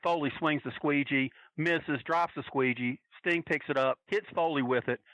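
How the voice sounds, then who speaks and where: A man from North Carolina casually telling a story as a podcast guest, animatedly acting out quotes in a higher voice. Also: fairly even intonation, normal speed, a bit bright, dry recording, dull audio. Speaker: podcast guest, wrestling fan.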